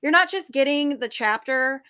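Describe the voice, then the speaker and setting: A woman co-hosting a casual book podcast, excitable and profane, acting out scenes as she talks. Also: sits high, moderate pace, dry recording, clean studio sound. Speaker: podcast co-host.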